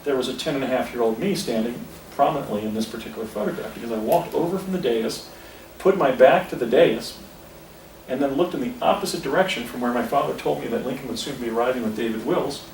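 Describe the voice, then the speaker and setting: A man's voice: mid-range voice, quick pace, a little mellow. A man in his fifties tells a story outdoors at a historic site, rambling and correcting himself as he points things out. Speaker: speaker recounting an experience. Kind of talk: casual storytelling on location. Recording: distant, echoey, faint outdoor noise.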